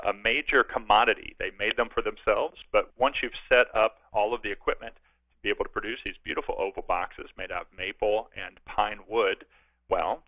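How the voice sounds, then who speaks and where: A man's voice: fairly low pitch, dry recording. A man promoting upcoming events as a guest on a radio show, talking in an upbeat, friendly way. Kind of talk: casual radio interview. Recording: dull lo-fi radio sound.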